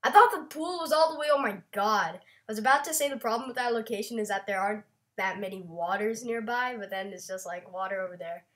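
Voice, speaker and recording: A young woman chats her way through a block-building game in a playful, easygoing way. Her voice sits at an ordinary middle pitch, and she jokes and second-guesses herself as she plays. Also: fast talker, a bit bright. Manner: chatty, playful, self-conscious. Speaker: Minecraft channel host. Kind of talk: casual gameplay chat.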